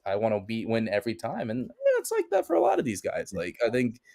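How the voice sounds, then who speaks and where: A man's voice: mid-range voice, huge pitch swings, quick pace, vocal fry, warm tone. A young man, a stream guest, chatting casually in a rambling way, full of restarts and filler words. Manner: rambling, heavy use of "like" and restarts. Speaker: podcast guest. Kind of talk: casual chat.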